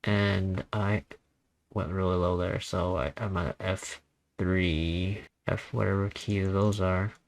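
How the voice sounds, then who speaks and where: A man casually talking through a music software tutorial in a rambling, offhand, self-deprecating way. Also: sits low, little pitch movement, takes it slowly, vocal fry, slight background noise. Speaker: tutorial host. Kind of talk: casual screen-recording tutorial.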